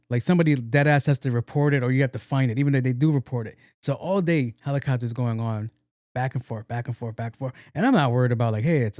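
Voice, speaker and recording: A man's voice: medium pitch, darkish tone, dry recording, clean studio sound. A young man hosting a casual solo podcast, rambling with slang and swearing. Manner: rambling, profane, slangy, acts out quotes. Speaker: podcast host.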